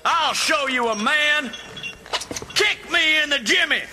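A man's voice: slow, noisy background. A man's voice in a soundboard clip, playing a screaming tough man who dares a challenger. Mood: shouting challenge. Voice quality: shrill shouting.

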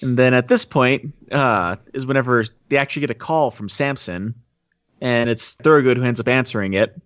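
A man with a mid-range, slightly bright voice co-hosts a podcast, briskly recapping a film in a loose, wandering way. He tells it like a rambling storyteller and acts out the quotes. The sound is lo-fi with no echo.

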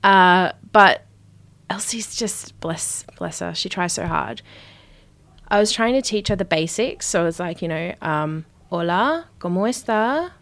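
A woman's voice: fairly low pitch, measured pace, gravelly, a bit bright. A woman co-hosting a podcast in casual chat, teasing her co-host, swearing freely and laughing often. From Australia.

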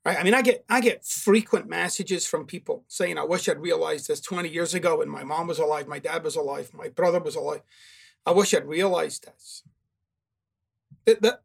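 A man's voice: high-pitched, vocal fry. A man hosting a self-help show, giving a blunt, confrontational monologue full of swearing. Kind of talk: motivational monologue.

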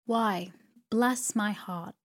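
A woman voicing a stern, imperious older aunt in a storybook reading, with a brisk, commanding manner. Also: medium pitch, natural voice.

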